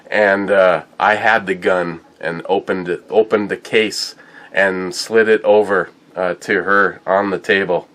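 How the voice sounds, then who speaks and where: Man, deep low voice, slow unhurried delivery, rambling casual tasting review. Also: steady tone, a bit bright. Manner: rambling, halting storytelling. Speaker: whiskey and beer reviewer.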